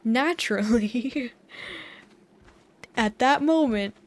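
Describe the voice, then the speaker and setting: A woman's voice: on the high side, extremely slow. A young woman in her twenties from the US, chatting and telling meandering stories with frequent giggles while she plays a game at home on a close dynamic mic. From United States. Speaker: gaming YouTuber. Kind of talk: rambling sleep-time gameplay chat. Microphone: USB dynamic mic close up.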